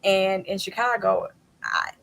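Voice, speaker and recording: Woman podcast host, gravelly edge, chatty, laughs easily, acts out quotes mid-story. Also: mid-range voice, sing-song, a little slow, fairly bright tone, poor audio. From southern United States. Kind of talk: casual interview chat.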